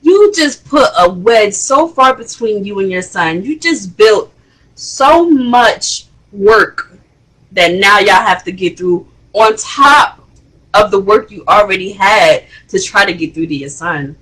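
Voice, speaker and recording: A woman hosting a casual reality TV review, chatty and expressive, with rising exclamations. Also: mid-range voice, slow, rough recording. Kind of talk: casual commentary.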